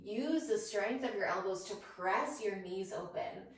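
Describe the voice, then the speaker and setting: A woman's voice: medium pitch, a little slow. A woman teaching a yoga class, cueing each breath and pose and sounding a little out of breath. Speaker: yoga instructor. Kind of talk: guided yoga class cues. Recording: roomy echo, voice from a distance.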